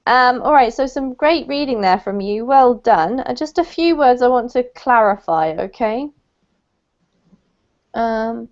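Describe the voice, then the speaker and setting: A woman tutor runs an online English lesson, praising her student and slowing down to model pronunciation. Her voice sits slightly high. The call audio is dull and lo-fi. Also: animated, darkish tone. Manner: encouraging, clarifies pronunciation with slow modeled words. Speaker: English teacher.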